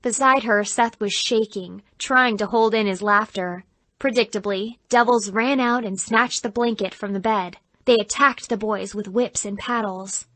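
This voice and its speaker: A woman narrating an audiobook in an even, clear storytelling voice. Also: medium pitch, unhurried, no room sound.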